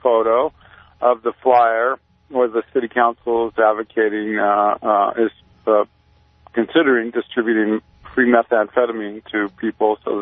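A male activist guest on a radio show, talking in a rambling, deadpan way with many fillers. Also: medium pitch, moderate pace, no echo. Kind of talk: casual radio interview. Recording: tinny phone line.

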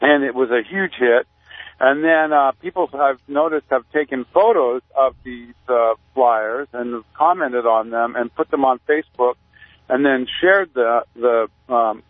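Man, rambling deadpan guest, lots of ums, tinny phone line, dry. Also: mid-range voice, measured pace, no echo. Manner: rambling, deadpan, many fillers. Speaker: activist guest. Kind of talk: casual radio interview.

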